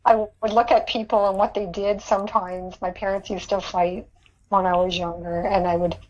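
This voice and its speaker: A woman's voice: mid-range voice, level tone, moderate pace, darkish tone, lo-fi sound. A woman guest on an interview podcast, recounting a personal experience earnestly, often repeating words and laughing. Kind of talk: interview storytelling.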